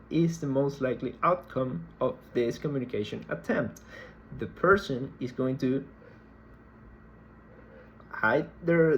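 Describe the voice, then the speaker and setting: A man's voice: mid-range voice, poor audio. Guy lecturing a class, takes his time, repeats words a lot, bit of faint background noise. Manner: slow, deliberate, repeats words while explaining. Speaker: university lecturer.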